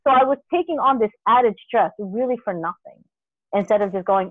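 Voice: medium pitch, fairly quick, no room sound. Casual podcast co-host with a rambling, restart-heavy delivery, heard over a dry, phone-like line. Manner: rambling, animated storytelling with many restarts and occasional swearing.

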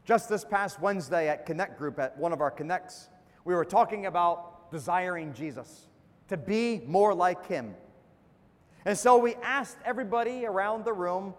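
A man's voice: sits high, expressive, moderate pace. A man preaching a sermon as pastor, with emphatic dips and rises and calls for an amen. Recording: long hall reverb.

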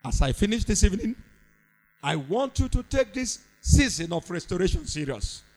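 A man's voice: high voice, sing-song, moderate pace, darkish tone, poor audio. A man preaching a sermon, fervent and repetitive, with a sing-song cadence.

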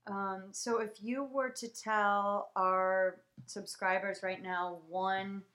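A woman's voice: mid-range voice, flat delivery, slow, a bit bright. Woman host asking a question. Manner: short encouraging reactions. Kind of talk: interview.

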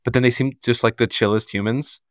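A man's voice: medium pitch, fairly even intonation, quick pace, dry recording, studio quality. A man co-hosting a podcast in casual chat, talking in a chatty, filler-heavy way and poking fun at himself. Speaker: podcast co-host.

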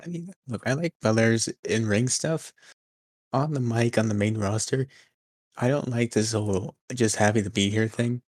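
A young man co-hosting a wrestling podcast, recapping the show in a dry, deadpan way. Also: medium pitch, moderate pace, no echo. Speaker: podcast co-host.

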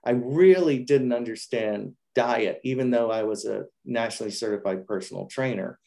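A man's voice: mid-range voice, normal speed, creaky, mellow. A man being interviewed, speaking earnestly and reflectively about his own learning, often restarting his sentences. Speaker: interview guest. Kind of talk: casual interview chat.

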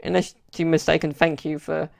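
On his solo podcast, a man tells stories in a rambling, casual way, full of fillers. His voice is gravelly and on the high side, delivered flatly at a brisk pace.

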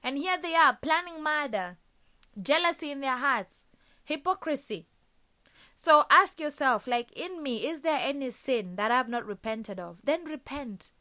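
A woman preaching a sermon in a slightly high voice. She presses her listeners with one rhetorical question after another, in an earnest, exhorting way. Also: expressive, measured pace, sharp tone.

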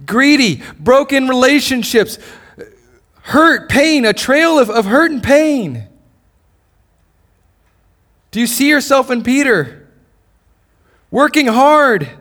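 A man's voice: very high voice, animated, slow, pauses often, a bit bright. A man preaching a sermon in a church service, passionate, asking the congregation repeated questions and often restarting his phrases. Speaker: pastor.

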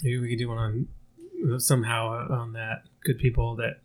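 An American man hosts a relaxed podcast conversation over drinks. He talks loosely and laughs easily between his jokes. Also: mid-range voice, unhurried. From United States. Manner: laughs often, loose and joking. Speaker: podcast host. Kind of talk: casual podcast chat while drinking.

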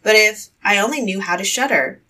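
A woman's voice: mid-range voice, a little fast, bright, forceful tone, distant mic, low-quality recording. A woman reading a storybook aloud and voicing a fearless, cheerful young man who cannot learn to shudder, in a bold and breezy manner.

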